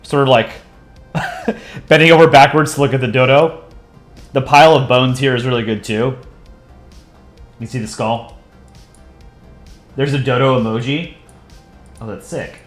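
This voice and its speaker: A man casually chatting with viewers on a live drawing stream, relaxed and rambling. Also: mid-range voice, measured pace, pauses often. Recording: echoey room with faint music.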